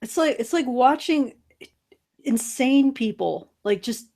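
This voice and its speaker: Woman, podcast co-host; high voice, blunt, sarcastic, swears freely. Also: expressive, slow pace, a little mellow. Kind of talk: casual chat.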